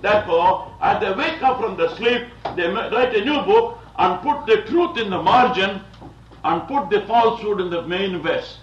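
A man's voice: sits high, expressive, normal speed, slight background noise. A man from India giving a digressive, lecture-style sermon as a visiting Bible teacher, often chuckling and saying "you see". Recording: dull, roomy, distant old recording.

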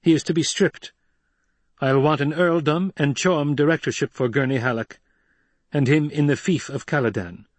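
A man voicing a young male ruler who gives cold, measured commands, slightly husky. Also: a little high, no room sound, pitched above the performer's own voice, natural voice. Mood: commanding.

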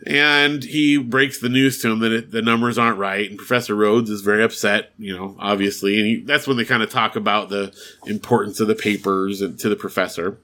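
A man's voice: on the low side, steady tone, brisk, bright, forceful tone. A man co-hosting a podcast, casually recapping an episode and acting out the characters' lines with laughs. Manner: recaps plot with acted-out quotes and laughs. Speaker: podcast co-host.

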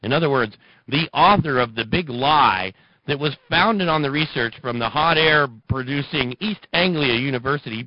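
Brief: male talk radio host, mid-pitched, mocking and heated, dry dull broadcast sound. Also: expressive, normal speed, no echo. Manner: sarcastic, ranting, mocking. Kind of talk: political talk radio monologue.

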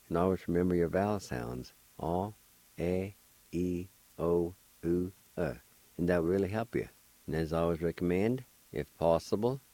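A man's voice: low-pitched, warm tone, no echo. A man teaching a language on a radio show, patiently spelling out words letter by letter and pronouncing them syllable by syllable. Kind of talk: slow spelling and pronunciation lesson. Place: radio studio.

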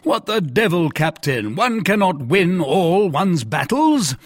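Man putting on a blustery loud musketeer, raised voice, swoopy. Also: high-pitched, big pitch swings, slow pace, no room sound, studio quality, voice pushed up, heavily acted. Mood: blustering. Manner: blustering, defensive storytelling.

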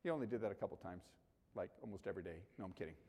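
A pastor preaches a sermon in a church with hall reverb, his low, husky voice coming out rapid-fire. He's animated, swinging between loud calls and quiet asides and joking with the congregation.

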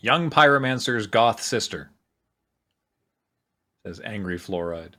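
A man co-hosting a casual group chat, reading out listener suggestions with frequent laughter and quick asides. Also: fairly low pitch, expressive, bright, forceful tone. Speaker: podcast co-host.

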